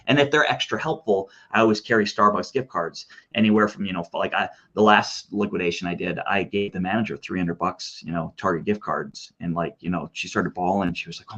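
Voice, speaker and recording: Guy talking fast and low, rambly excited storytelling, kinda muffled lo-fi audio. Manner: rambling, animated storytelling with quoted dialogue. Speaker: guest. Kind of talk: casual interview talk.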